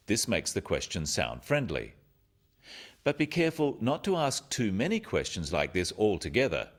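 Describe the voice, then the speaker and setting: Casting: deep-voiced male narrator, highly animated intonation, clear and instructive, scripted lesson narration. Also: normal speed.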